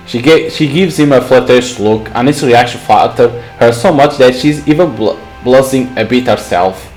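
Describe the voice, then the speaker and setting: A young man reading a story game's narration aloud in a plain, mid-pitched voice, stumbling over a word now and then. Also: moderate pace, few pauses, darkish tone, soft background music, low-quality recording. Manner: reads narration with small stumbles and restarts. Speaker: gaming channel host. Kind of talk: reading a visual novel aloud.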